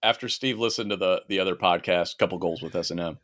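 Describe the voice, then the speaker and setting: A man co-hosts a casual podcast from his own mic. His tone is bright and forceful and the sound is dry and close. He chats loosely, laughs often and swears freely. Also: deep voice, fast talker, dry recording. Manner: laughing, chatty, profane. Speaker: podcast co-host.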